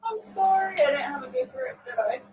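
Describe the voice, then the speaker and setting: A middle-aged woman chatting on a live stream, laughing often as she tells stories. Her voice is a little high and sits away from the mic. A faint hum of room noise runs underneath. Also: expressive, a little fast, far from the mic. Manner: laughs often while telling prank stories. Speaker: vlog host. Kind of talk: casual live-stream chat.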